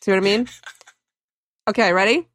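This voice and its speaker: A woman's voice: medium pitch, moderate pace, a bit bright. A woman co-hosting a podcast and running a trivia game, giggly and teasing in casual chat.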